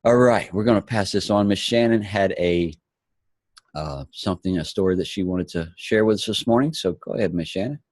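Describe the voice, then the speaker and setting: A man in his forties hosts a morning motivation show, upbeat and encouraging. His voice is very deep. The sound is dry and close, with no room in it. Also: brisk, a little mellow, no echo. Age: 40s. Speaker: host. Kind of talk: motivational talk.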